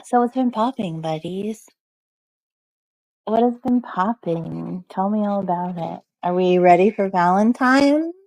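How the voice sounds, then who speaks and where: This woman's mid-range, darkish voice moves at a measured pace, and the low-quality recording has no room sound. She's streaming from home while snowed in, rambling casually with viewers and replying to chat with plenty of "like" and "um."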